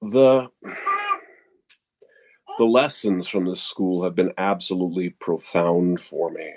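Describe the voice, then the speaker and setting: An older man with a very low voice speaks earnestly. He reflects on his years as a student, in a relaxed sharing tone. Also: slow pace, vocal fry. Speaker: martial arts student sharing. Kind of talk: casual sharing.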